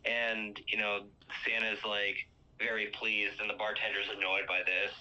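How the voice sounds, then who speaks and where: A man's voice: on the low side, flat delivery, a little slow, sharp tone. A man hosting a casual movie recap chat, rambling and filling gaps with um and uh. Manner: rambling, fills with um and uh. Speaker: podcast host. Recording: lo-fi muffled sound.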